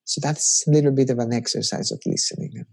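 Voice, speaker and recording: A man's voice: medium pitch, fairly even intonation, a little fast, creaky, a little mellow, breathy edge. A man preaching a conversational sermon as a pastor, reflective and personal, musing aloud.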